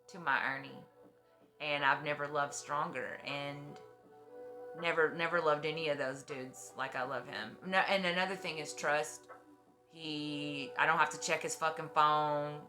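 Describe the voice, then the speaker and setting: A woman in her forties with a low voice, talking bluntly and effusively and swearing freely. Her casual chat on a stream has clear music playing behind it. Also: steady tone, unhurried. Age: 40s.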